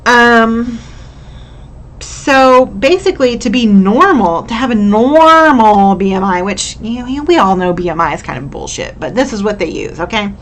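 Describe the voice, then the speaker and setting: A woman's voice: on the high side, lively intonation, moderate pace, slight background noise, low-quality recording. A young woman, talking candidly and upbeat to her camera in a casual vlog, sometimes getting emotional. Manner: candid, upbeat, emotional at times, says "y'all". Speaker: vlogger.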